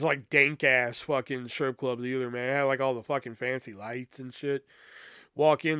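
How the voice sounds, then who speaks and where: A man's voice: medium pitch, fairly bright tone, clear, resonant tone, dry recording. A man hosting a podcast, casually telling a funny personal story in a profane, rambling way full of asides. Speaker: podcast host.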